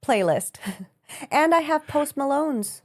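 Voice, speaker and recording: A woman's voice: high-pitched, expressive, slow, darkish tone. A woman co-hosting a podcast in casual chat, playful and self-mocking, rambling a little. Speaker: podcast co-host.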